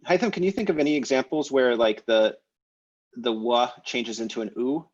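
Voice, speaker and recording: A man teaching a language class over a video call, explaining grammar in a relaxed way with many fillers and restarts. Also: medium pitch, normal speed, highs cut off. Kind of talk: online class lecture.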